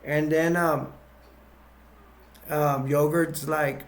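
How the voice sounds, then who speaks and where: A man's voice: mid-range voice, fairly even intonation, a little slow, vocal fry. A man casually retelling a movie plot as a reviewer, rambling with lots of fillers and restarts.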